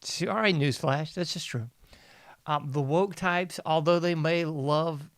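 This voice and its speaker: A man's voice: on the high side, a little slow, no room sound. A man hosting a casual news commentary show, mocking and sarcastic, laughing often. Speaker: podcast host.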